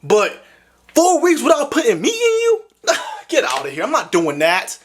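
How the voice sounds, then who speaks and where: Lively, animated young man. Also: very high voice, normal speed, slight background noise. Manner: animated, excitable, slangy, exclaims often. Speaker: gaming video host. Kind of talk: casual commentary to camera.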